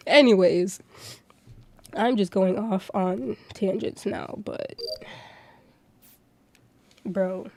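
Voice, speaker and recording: A woman's voice: medium pitch, a little mellow, no room sound. Young woman streamer, casual, swears constantly, blunt venting storyteller. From Florida. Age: 20s. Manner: profane, ranting storyteller. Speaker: livestreamer.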